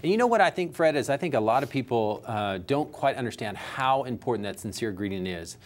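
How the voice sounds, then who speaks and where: A man's voice: mid-range voice, fairly quick. A man speaking as a customer service coach in an interview, explaining his points with everyday examples. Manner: animated, teaching with everyday examples.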